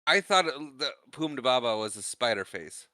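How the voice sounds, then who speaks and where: A man's voice: mid-range voice, big pitch swings, brisk, bright, forceful tone, no echo. A man co-hosting a podcast, recapping movie scenes casually and quoting the characters with a laugh. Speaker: podcast co-host.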